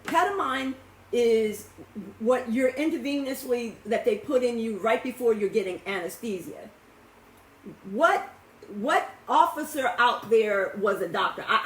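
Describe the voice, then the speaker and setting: A woman speaking live to her followers in an impassioned, emphatic way, often stumbling and repeating words as she talks to her own camera. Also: mid-range voice. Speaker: social media commentator. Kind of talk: live video talk to followers. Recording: roomy echo.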